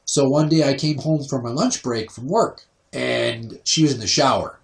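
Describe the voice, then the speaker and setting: A man's voice: medium pitch, normal speed, creaky. A man in his thirties hosting a podcast, telling stories casually and acting out other people's voices. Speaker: podcast host. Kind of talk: casual storytelling. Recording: roomy sound, voice distant from the mic.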